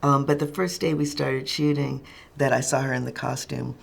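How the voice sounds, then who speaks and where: A woman film director in a press interview, speaking reflectively and pausing often to search for words. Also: very deep voice, steady tone, vocal fry.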